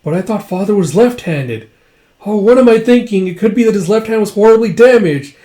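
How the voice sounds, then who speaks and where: A man voicing a frightened young noble girl who cries out in a high, strained voice while reading a comic aloud. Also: lively intonation, normal speed, mellow, close to an everyday voice. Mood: alarmed. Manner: shrill, cries out in alarm.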